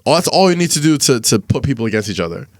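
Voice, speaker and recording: Male comedy podcast co-host, highly expressive intonation, laughs and swears through casual banter. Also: very fast, dry recording. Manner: animated, laughs often, swears freely.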